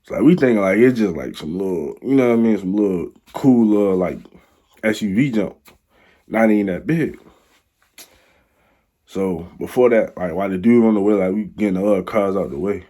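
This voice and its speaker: A man's voice: on the low side, normal speed, warm tone. A young man telling a rambling, slang-filled story in a casual storytime vlog. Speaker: vlogger.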